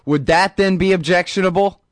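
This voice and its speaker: A man's voice: high voice, fairly even intonation, brisk, no echo, clean studio sound. A man hosting a show, ranting sarcastically about politics in a rambling, mocking way. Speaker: host. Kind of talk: casual political rant.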